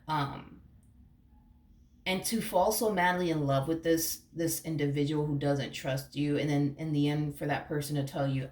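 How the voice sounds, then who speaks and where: A woman's voice: low voice, fairly even intonation, normal speed, a little mellow, echoey room. A woman giving a casual, rambling tarot reading, emphatic and searching for words, swearing now and then. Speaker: tarot reader.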